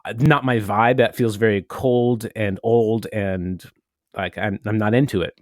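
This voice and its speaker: A man's voice: on the low side, steady tone, unhurried, no echo, studio quality. A man co-hosting a podcast, telling a story in a rambling, casual way and swearing now and then. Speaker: podcast co-host. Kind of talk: casual chat.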